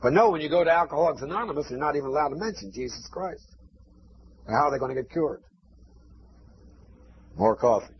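A man's voice: on the high side, lively intonation, fairly quick, long pauses, a little hiss or hum. A man preaching a sermon, emphatic and chanting repeated phrases. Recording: dull lo-fi recording.

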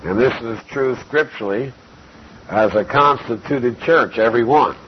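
A man delivers a methodical expository Bible lesson, working through the text verse by verse at an unhurried, measured pace. His voice sits at an ordinary middle pitch. The recording is dull and lo-fi with a faint hiss underneath. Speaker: Bible teacher.

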